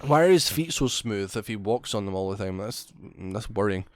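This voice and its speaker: A man's voice: fairly low pitch, expressive, normal speed, dry recording. Scottish guy on a podcast, swears a lot, jokey, dry close sound. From Scotland. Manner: sweary, jokey, reads news stories aloud. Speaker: podcast co-host. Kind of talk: casual chat.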